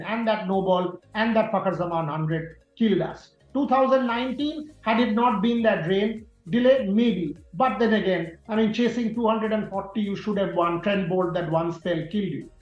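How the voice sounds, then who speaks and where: Emphatic man in a roomy recording. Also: sits high. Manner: forceful, repeats key words for emphasis. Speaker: sports journalist guest. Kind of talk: emphatic opinionated interview answers. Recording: roomy, dull sound with faint music.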